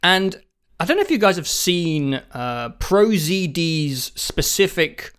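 A man with a slightly high voice talks loosely about games, breaking into laughs as he tells stories. He has the sniffles and swears freely, all in an easy, unscripted way. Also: sing-song, slow, fairly bright tone, clean tone. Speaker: podcast co-host. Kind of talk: casual chat.

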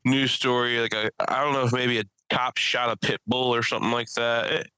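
A man's voice: medium pitch, level tone, fairly quick, sharp tone, smooth, no echo, low-quality recording. Profane, rambling male podcast host. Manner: rambling, profane, laughs at own stories. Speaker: podcast host and stand-up comedian. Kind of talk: casual storytelling chat.

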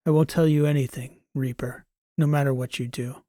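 A man voicing a badly wounded male enemy soldier with a raspy, weak voice. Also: mid-range voice, fairly even intonation, moderate pace, warm tone, no echo, clean studio sound, lightly acted. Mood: weak, proud.

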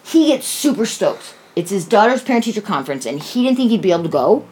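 A woman's voice: mid-range voice, sing-song, quick pace, a little mellow, slightly rough. A woman casually telling a story, blunt and profane, with sarcastic asides.

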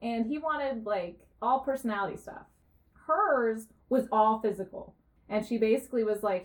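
A young woman co-hosting a podcast, telling a story in a casual, animated way, full of "like" and laughter. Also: fairly high pitch, normal speed. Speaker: podcast co-host. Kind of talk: casual chat.

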